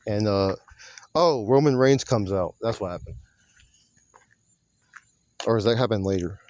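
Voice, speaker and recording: A man's voice: on the low side, measured pace, darkish tone. A man recapping a wrestling show in a loose, rambling monologue, swearing casually and often correcting himself. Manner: rambling, profane, self-correcting.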